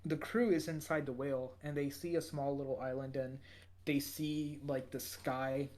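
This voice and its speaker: A man's voice: medium pitch, steady tone, moderate pace, darkish tone. A man co-hosting a podcast, recapping an anime episode in a rambling way, full of fillers and restarts. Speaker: podcast co-host.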